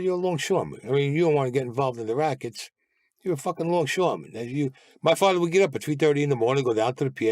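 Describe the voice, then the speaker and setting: A blunt man recounts his stories in an interview, with plenty of swearing and acted-out dialogue. His voice sits at an average pitch. The recording is dry and close. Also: a little mellow, dry recording. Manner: blunt, profane, acts out quoted dialogue. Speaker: guest recounting past crimes. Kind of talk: storytelling interview.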